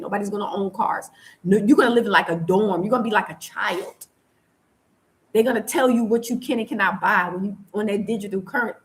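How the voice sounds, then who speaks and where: A woman from the United States talking in an impassioned vlog monologue, fervent and preachy, repeating her points for emphasis. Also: mid-range voice. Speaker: vlogger.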